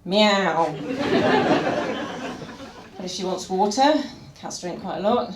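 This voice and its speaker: A woman's voice: mid-range voice, moderate pace. A woman doing a live stand-up set in a comedy venue, wry and full of puns, chatting with the audience. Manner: wry, pun-heavy, chats with the audience. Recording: echoey venue with crowd noise.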